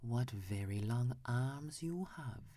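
A woman's voice: a bass voice, lively intonation, slow pace, warm tone, dry recording, voice pushed up, heavily acted. A woman voicing a sweet, timid little girl in a whispered role-play, lifting her voice into a girlish whisper. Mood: wondering.

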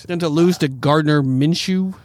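A man's voice: fairly high pitch, moderate pace. A man co-hosting a casual sports podcast, blunt and sarcastic, with plenty of swearing. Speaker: podcast co-host.

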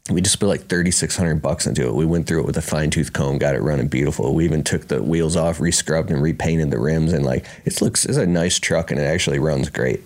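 Man with a deep voice, candid storyteller, casual and emotional, peppers speech with "bro". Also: a little mellow. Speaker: speaker at a business conference.

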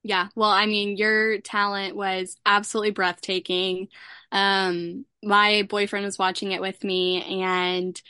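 A woman hosting a casual interview, chatty and quick to laugh. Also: mid-range voice, flat delivery, sharp tone, clean tone, dry recording, studio quality. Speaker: interview host.

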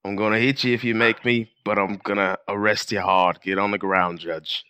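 A man's voice: lowish voice, level tone, moderate pace, pushed and bright, smooth, no room sound. A man putting on a clumsy English accent to play a swaggering cop arresting a judge. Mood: aggressive. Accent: put-on English, clumsy.

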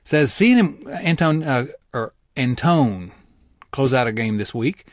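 A man's voice: mid-range voice, very animated, moderate pace, dry recording, clean studio sound. A man co-hosting a casual sports podcast, rambling with fillers and teasing his partner. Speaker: podcast co-host.

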